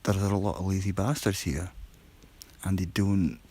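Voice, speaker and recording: Deep-voiced man chatting quietly. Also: steady tone, normal speed, breathy edge, no room sound, rough recording. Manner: rambling, chatty, self-deprecating; talking quietly. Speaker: livestreamer on a work break. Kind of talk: casual live-stream chat to viewers.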